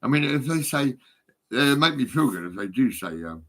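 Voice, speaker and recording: A man's voice: mid-range voice, sing-song, normal speed, a bit bright. A man in his fifties rambling and swearing into his phone, laughing often. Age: 50s. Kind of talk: rambling phone vlog monologue.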